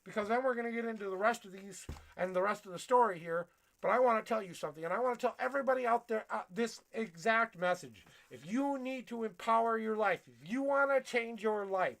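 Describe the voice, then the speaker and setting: Man, tarot reader, livestream pep talk, blunt and profane, preachy, gravelly voice, rambling. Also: extremely high pitch, a bit bright.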